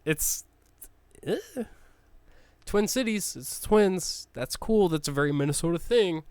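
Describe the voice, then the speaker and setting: Blunt ranting man, smooth dry voice. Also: on the high side, animated, measured pace, darkish tone, dry recording. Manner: blunt, ranting, swears, frequent restarts. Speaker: sports logo ranker. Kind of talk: casual opinionated commentary.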